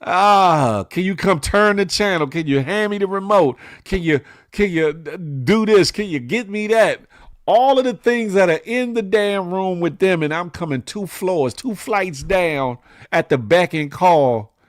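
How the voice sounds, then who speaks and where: Animated storytelling man with a dry sound. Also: sits high, unhurried, no echo. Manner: storytelling, animated quoted voices, laughs often. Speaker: morning show host. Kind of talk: casual livestream chat reading comments.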